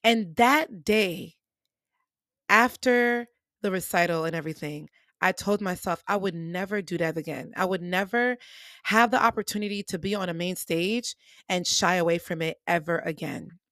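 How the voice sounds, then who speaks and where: Young woman podcaster, storytelling monologue, animated, dry close sound. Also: lowish voice, normal speed, no room sound. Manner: animated, acts out quoted voices, addresses listeners as y'all. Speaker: podcast host.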